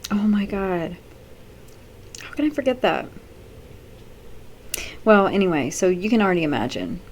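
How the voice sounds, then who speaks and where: A woman's voice: fairly low pitch, very animated, moderate pace, slight background noise. A middle-aged woman vlogging in casual chat, rambling off the cuff with many fillers.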